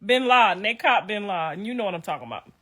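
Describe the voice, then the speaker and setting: A woman's voice: mid-range voice, lively intonation, fast talker, a bit bright. A middle-aged woman talking casually to viewers on a livestream, telling profane stories and laughing through her words. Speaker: livestream host.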